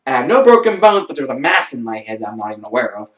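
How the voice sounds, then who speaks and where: A man vlogging, telling rambling true stories in a casual, animated way and acting out what people said. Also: racing. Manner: animated, rambling, acts out quoted voices with big pitch jumps. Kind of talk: casual first-person storytelling. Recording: roomy and distant from the mic.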